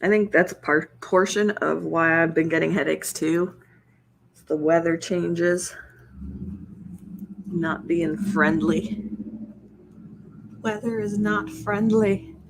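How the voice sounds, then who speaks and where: A young woman with a slightly low voice chats in an easy, rambling way. She is soft-spoken and laughs often as she goes. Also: slow pace, gravelly, long pauses, noisy background. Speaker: ASMR channel host. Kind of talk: casual chat on a livestream.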